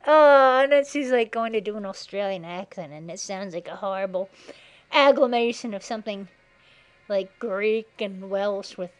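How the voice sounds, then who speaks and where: A woman giving sarcastic, mocking commentary over a slideshow, now and then breaking into shrill put-on voices. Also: moderate pace, rough recording. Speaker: video narrator. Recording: faint background music.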